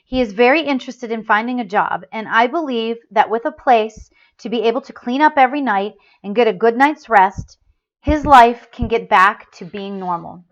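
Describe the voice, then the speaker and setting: A woman's voice: on the high side, normal speed. A woman hosting a spiritual talk show, chatting casually and reading a story aloud with feeling, often laughing and restarting her sentences. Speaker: host of a spiritual call-in show. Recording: dull lo-fi sound.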